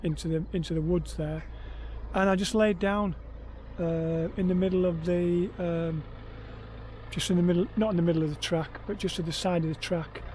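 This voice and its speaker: A man's voice: high voice, fairly even intonation, normal speed, darkish tone, slight background noise. A man, worn out after heatstroke, vlogging about his ultra run in a rambling, hesitant way with many ums. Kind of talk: casual self-filmed vlog.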